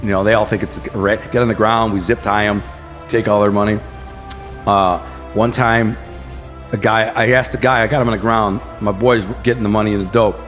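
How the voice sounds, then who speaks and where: An American man from the Detroit area, a podcast guest telling crime stories in a casual, animated way and acting out gunshots and quotes. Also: on the low side, brisk, big-room sound, faint music behind. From Detroit area, USA.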